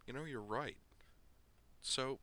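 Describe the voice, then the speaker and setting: A man's voice: medium pitch, takes it slowly, bright, forceful tone, pitched above the performer's own voice. A man voicing a wry, tough young woman.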